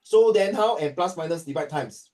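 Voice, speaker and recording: A man's voice: on the high side, expressive, normal speed, a little mellow, recorded from a distance. A man from Singapore with a Singaporean accent, teaching a class in a joking way and mixing English with Chinese.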